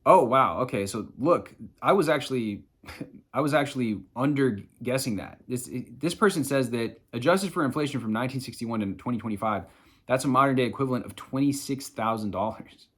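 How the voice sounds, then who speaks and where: A man's voice: medium pitch, a little fast, slightly rough. A man coaching viewers on manifestation in a loose, chatty way, swearing casually. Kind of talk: casual self-help explainer.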